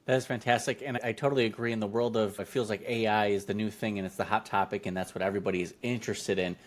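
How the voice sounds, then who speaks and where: A man's voice: lowish voice, steady tone, quick pace. A man hosting a podcast interview, affirming his guest and asking questions in a friendly way. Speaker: podcast host. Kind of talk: conversational interview.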